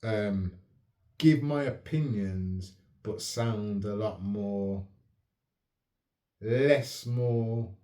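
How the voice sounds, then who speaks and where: A man hosting his own channel, talking in a calm, measured, reflective way and often asking if the listener follows. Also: fairly low pitch. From United Kingdom. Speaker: channel host. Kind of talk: reflective casual talk to camera. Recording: roomy echo.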